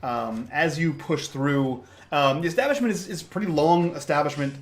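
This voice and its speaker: A man narrating as game master in a tabletop game, with halting, filler-heavy delivery. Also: on the high side.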